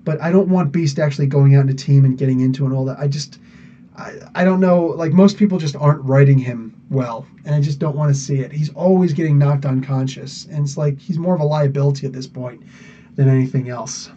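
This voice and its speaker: A man's voice: medium pitch, brisk, mellow, distant mic, highs cut off, slight background noise. Rambling, chatty man on a live podcast. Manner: rambling, chatty, laughs often, many fillers. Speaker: podcast host answering live chat. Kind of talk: casual live-stream chat.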